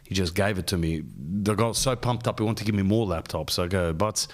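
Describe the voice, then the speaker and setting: Brief: forties male podcast host, joking and rambling, lower pitch. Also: fairly quick. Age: 40s. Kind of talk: casual rambling monologue.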